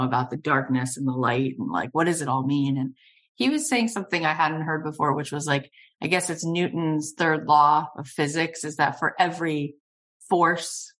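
A woman hosting an interview, telling stories in an earnest, animated, heartfelt way. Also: low-pitched. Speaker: podcast host. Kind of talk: casual conversational interview.

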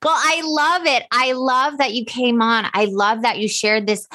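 A woman's voice: a little high, steady tone, unhurried, sharp tone, no echo. A woman hosting an interview podcast, effusive and affirming toward her guest. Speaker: podcast host.

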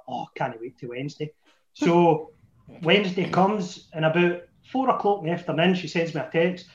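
A Scottish man in his thirties with a Glasgow accent, telling a long, sweary personal story to friends in a casual chat. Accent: Scottish, Glaswegian. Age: 30s. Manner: chatty, swearing, dropping to a low mutter for his inner thoughts. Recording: echoey room, muffled sound.

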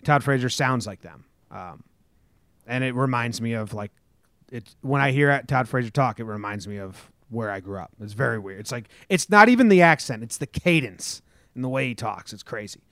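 A man's voice: medium pitch, animated, normal speed, fairly bright tone, no echo, studio quality. A man from New Jersey hosting a casual sports talk podcast, telling stories in a rambling way and swearing freely. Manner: rambling storyteller, swears, acts out quotes. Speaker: podcast host.

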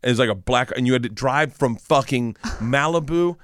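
Profane, animated male comedian. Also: mid-range voice, moderate pace, clear, resonant tone, dry recording, studio quality. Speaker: comedian guest. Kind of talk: casual podcast chat.

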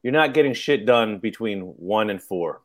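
A man's voice: on the low side, animated, normal speed. Rambling, laughing male comedian. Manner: rambling, hesitant, laughs often. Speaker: comedian podcast co-host. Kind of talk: casual comedic chat.

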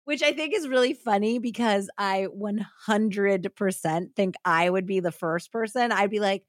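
A woman co-hosting a true crime podcast, telling the story in a casual, animated, laughing way with slang. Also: medium pitch, normal speed, few pauses, no echo, clean studio sound. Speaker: podcast co-host.

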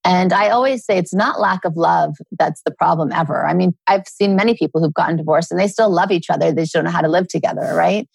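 A middle-aged woman, a guest author, talking earnestly in a relaxed interview and telling personal stories. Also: on the low side, fast, vocal fry, few pauses, husky, no echo. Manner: earnest, storytelling with acted quotes.

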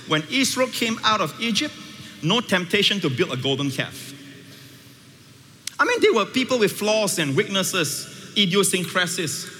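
Emphatic preacher man in a big hall. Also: a little hiss or hum. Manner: emphatic, with sweeping shifts between loud highs and quiet lows. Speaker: pastor. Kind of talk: sermon. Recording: reverberant hall with faint ambience.

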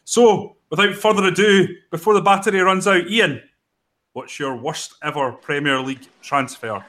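A man hosting a football podcast, moving the show along in a brisk, upbeat way between segments. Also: a little high, a bit bright. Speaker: podcast host.

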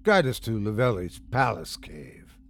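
A man voicing a commanding cult leader in a horror story, speaking in a frigid, gruff monotone. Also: fairly low pitch, a little slow, dry recording, pitched below the performer's own voice, full character voice. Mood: cold commanding.

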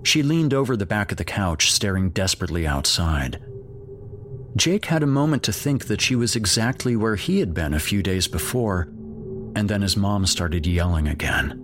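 Deep-voiced man narrating horror. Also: lively intonation, a bit bright, slight background noise. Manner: measured, grave storytelling. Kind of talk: scripted horror story narration.

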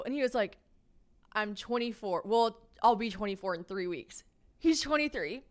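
Animated woman in her late twenties. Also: moderate pace. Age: late 20s. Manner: animated, swears, acts out quotes with jumps in pitch and volume, laughs often. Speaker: podcast host. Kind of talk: casual storytelling. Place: her apartment.

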